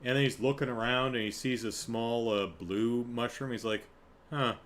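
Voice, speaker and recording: A podcast host with a steady, mid-range voice and a fairly bright tone talks at a moderate pace over slight background noise. He rambles casually through a solo review, cutting himself off to laugh and act out quotes.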